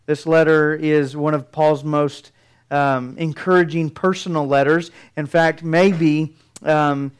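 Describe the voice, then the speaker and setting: Earnest preaching man, smooth voice. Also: on the high side. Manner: earnest preaching with building emphasis. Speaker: pastor. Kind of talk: sermon.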